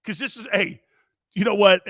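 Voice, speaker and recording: Male sports talk host, high bright voice, brash and profane, riffing on chat comments. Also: no room sound, clean studio sound. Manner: loud, jokey and profane, laughs often; rapid, excitable banter. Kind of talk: live sports talk show, reading viewer chat.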